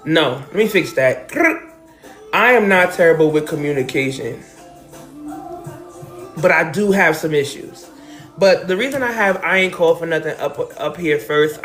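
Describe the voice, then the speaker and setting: A woman from New Jersey hosting a casual live stream from home, talking emotionally and directly to her viewers. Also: deep voice. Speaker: livestream host. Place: at home, decorated with balloons and pictures.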